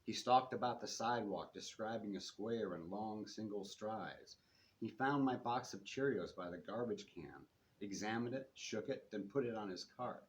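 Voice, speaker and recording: Man, author reading a novel aloud, measured storytelling, lowish voice, bookstore, faint rumble behind. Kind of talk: first-person novel reading.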